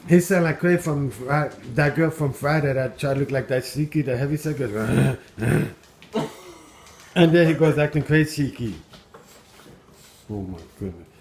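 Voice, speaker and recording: A man's voice: on the high side, brisk, hardly any pauses, noisy background. A man at home, filming his dog on a handheld camera and giving amused running commentary with frequent exclamations and chuckles. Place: at home indoors.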